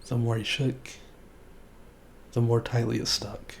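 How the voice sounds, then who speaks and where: A man streamer reading a children's storybook aloud in a relaxed, folksy way. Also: medium pitch, a little slow, vocal fry, slight background noise.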